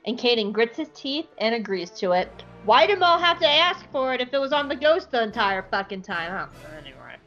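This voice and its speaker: A woman's voice: fairly high pitch, big pitch swings, normal speed, few pauses, fairly bright tone, soft background music. A young woman hosting a podcast, recapping an episode in a chatty, irreverent way and swearing casually. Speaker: podcast host. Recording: slightly muffled lo-fi recording.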